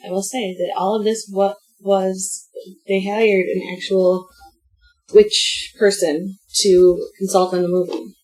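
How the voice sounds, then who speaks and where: A woman's voice: medium pitch, little pitch movement, slow pace, darkish tone, low-quality recording. A woman co-hosting a podcast in casual movie chat, sharing trivia in a matter-of-fact way. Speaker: podcast co-host.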